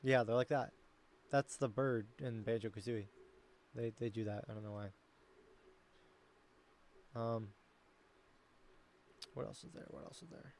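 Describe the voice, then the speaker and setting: A man's voice: mid-range voice, steady tone, measured pace, long pauses, a little mellow, slight background noise. A man chatting casually as a streamer, rambling and thinking aloud while he critiques his own voice work. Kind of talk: casual chat.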